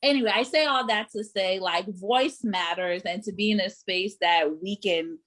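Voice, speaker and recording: A woman's voice: medium pitch, moderate pace, a bit bright. A young adult woman hosting a casual panel discussion, talking emphatically with many fillers. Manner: emphatic, conversational, lots of fillers. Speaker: panelist and host.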